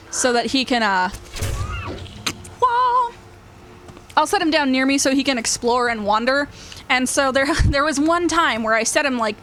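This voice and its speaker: A woman's voice: fairly high pitch, a bit bright, a little hiss or hum. A young woman talking casually in a gaming vlog, chatty and gushing, with lots of fillers. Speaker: gaming YouTuber.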